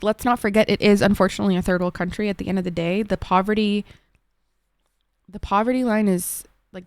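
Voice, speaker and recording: A woman's voice: mid-range voice, gravelly, a little mellow, clear, resonant tone, no room sound. A young woman from Egypt, a streamer chatting casually with viewers from her desk at home, filling her talk with "like" and swearing freely. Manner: chatty, lots of "like", frequent swearing. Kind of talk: casual chat answering viewers.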